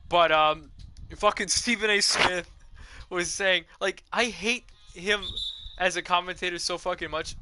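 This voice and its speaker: A man's voice: high voice, unhurried, loud music behind the voice, low-quality recording. A young man streaming a video game, chatting casually in a profane, rambling, digressive rant. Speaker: gaming streamer.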